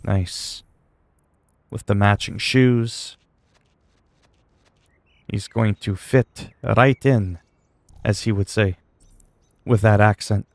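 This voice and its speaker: Gravelly laid-back streamer guy. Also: lowish voice, extremely slow, pauses often, no echo. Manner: laid-back, swears casually, reads chat questions aloud. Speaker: livestreamer. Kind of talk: casual gaming livestream chat.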